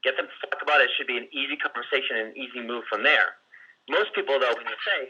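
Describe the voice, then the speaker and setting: A man's voice: mid-range voice, fast talker, bright, forceful tone, husky, lo-fi sound. A man coaching salespeople on a group call, talking casually with lots of restarts and fillers. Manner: conversational, many restarts and fillers; acts out client and seller lines in quotes. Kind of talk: teaching on a recorded group call.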